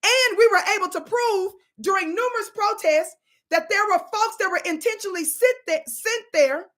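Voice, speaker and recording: A woman's voice: extremely high pitch, moderate pace, a bit bright. A woman giving sassy, scolding commentary on video clips, full of dramatic asides. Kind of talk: animated commentary chat.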